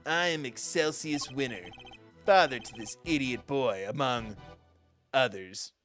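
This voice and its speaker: A man voicing a sentimental, doting old committee chairman with a wistful, grandfatherly, drawn-out delivery. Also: medium pitch, a bit bright, faint music behind, natural voice. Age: older.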